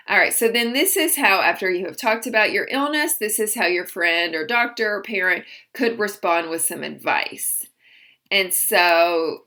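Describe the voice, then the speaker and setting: A woman teaching a language lesson, saying example phrases slowly and carefully, then explaining them. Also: medium pitch, lively intonation, bright, forceful tone.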